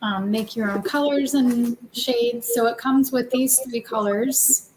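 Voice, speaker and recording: A woman calmly explaining a cookie decorating kit on a casual livestream. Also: fairly high pitch. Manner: unhurried, explaining step by step. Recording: clear background noise with clicks.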